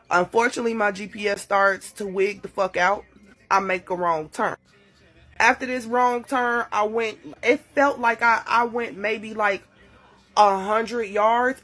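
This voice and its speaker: A woman telling a dramatic story to her phone in a casual, profane and animated way. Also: medium pitch. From Chicago. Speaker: TikTok storyteller. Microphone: phone mic.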